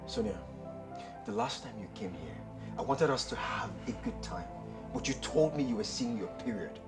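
A man playing a young boyfriend who angrily throws his ex out, loud and scolding. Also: mid-range voice, expressive, moderate pace, over music, natural voice. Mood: angry. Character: young man ending a relationship, blunt. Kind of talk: amateur drama acting.

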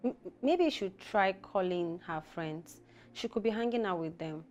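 An actress playing a polite, slightly hesitant housemaid. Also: female voice, medium pitch, expressive, normal speed, a little mellow, dull audio, natural voice.

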